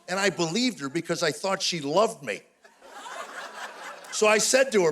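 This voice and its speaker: An older man performing live stand-up comedy on stage, telling rapid-fire stories with exasperated punchlines. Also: sits high, lively intonation, fairly bright tone. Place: stage before a live audience.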